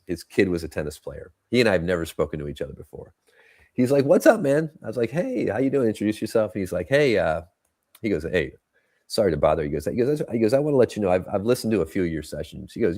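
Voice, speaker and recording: A man's voice: sits low, a little mellow. A middle-aged man telling a story in a podcast conversation, acting out the dialogue he quotes. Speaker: guest.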